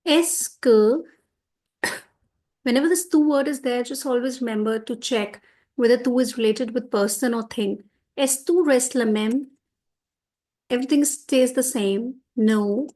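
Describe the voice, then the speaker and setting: A woman teaching French grammar for a school exam, explaining each answer step by step and slowing down on the French. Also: fairly high pitch, a little mellow. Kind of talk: exam revision lesson.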